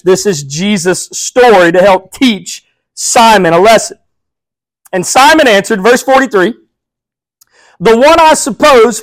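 A man preaching as a pastor, passionate, swinging between loud emphasis and hushed, quiet quoting. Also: high-pitched, no room sound, low-quality recording. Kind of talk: sermon.

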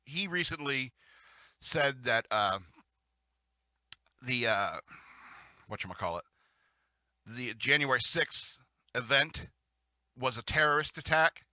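A man's voice: mid-range voice, bright, forceful tone, no echo. A man hosting a talk radio show, rambling and chuckling through casual commentary and news reading, with frequent restarts.

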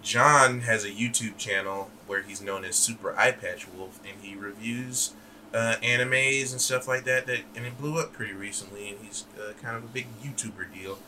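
A man's voice: lowish voice, normal speed, sharp tone, a little hiss or hum. A man co-hosting a podcast in loose casual chat, joking around, rambling and swearing freely. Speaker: podcast co-host.

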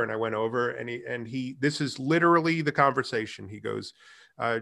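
A middle-aged man in a casual interview, telling his career story with lively acted-out dialogue. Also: mid-range voice, quick pace, vocal fry. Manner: animated storyteller, acts out quoted dialogue. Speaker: guest, music tech company founder.

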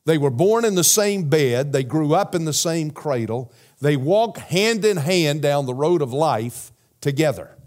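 A man preaching a sermon as pastor, measured and emphatic, repeating phrases and asking the congregation rhetorical questions. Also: a little high, animated, a little mellow.

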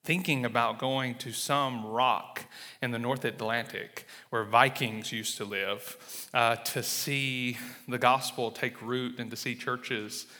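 A man's voice: medium pitch, fairly even intonation, slow pace, bright, forceful tone. Folksy Mississippi man preaching in a reverberant hall. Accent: Southern US, Mississippi. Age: 30s. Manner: folksy, self-deprecating, many fillers. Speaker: church planter, guest speaker. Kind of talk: sermon with personal testimony. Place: church sanctuary. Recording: long reverb of a large hall.

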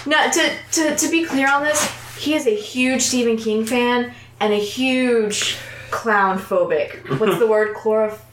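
A woman chatting casually about a film, quick to laugh and swearing offhandedly. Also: fairly high pitch, a bit bright, roomy sound, far from the mic, a little hiss or hum.

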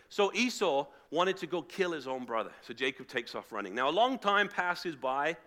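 A man preaching to a live congregation, retelling a story in a casual, animated way and acting out the voices of its characters. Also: a little high, brisk, few pauses. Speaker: pastor. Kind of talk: sermon storytelling. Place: church hall with live audience, also streamed online.

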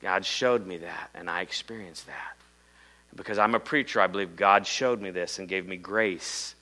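Bright, forceful preacher man from Iowa. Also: moderate pace, rough recording. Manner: dramatic storytelling, swings from loud emphasis to hushed low lines. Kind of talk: sermon.

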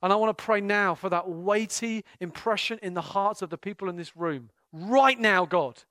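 A man preaching an impassioned sermon and leading prayer in a church, his delivery swinging between hushed intensity and loud, fervent bursts. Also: sits high, moderate pace, no room sound, studio quality. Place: church meeting room.

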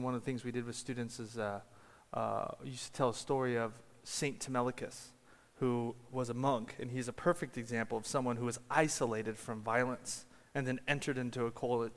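A man delivers a sermon in a church, mid-pitched and unhurried. He tells stories and rises to loud peaks, and the long reverb of a large hall trails after each phrase. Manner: storytelling, builds to shouted climaxes. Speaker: preacher.

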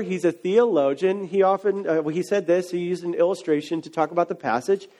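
A man preaching as a pastor in a relaxed, conversational sermon that builds to emphatic questions. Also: high-pitched, brisk, few pauses. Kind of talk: casual sermon.

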